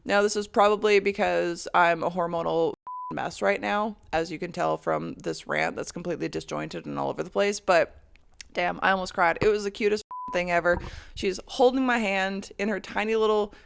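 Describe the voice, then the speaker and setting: A woman's voice: lowish voice, steady tone, normal speed, gravelly, slight background noise. A woman hosting a podcast, telling a rambling, profane story as a casual monologue. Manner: rambling and profane, with frequent laughs. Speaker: podcast host.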